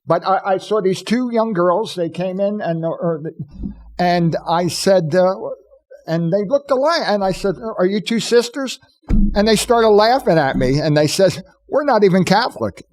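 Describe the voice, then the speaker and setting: A man's voice: sits high, expressive, a little slow. A man co-hosting a podcast, bantering and joking in a mock-announcer style. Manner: jokey, announcer-like sign-off patter. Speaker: podcast co-host.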